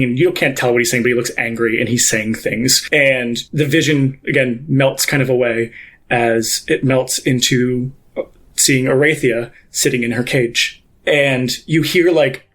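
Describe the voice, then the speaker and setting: A man's voice: mid-range voice, a bit bright. A man narrating a tabletop game as game master, rambling with many fillers.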